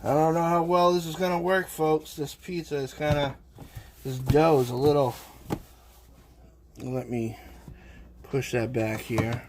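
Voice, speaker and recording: A man's voice: on the high side, steady tone, measured pace, pauses often, noisy background. Chatty man with a Boston accent. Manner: rambling, chatty, talking while working. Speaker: livestream host. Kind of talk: casual cooking livestream chat.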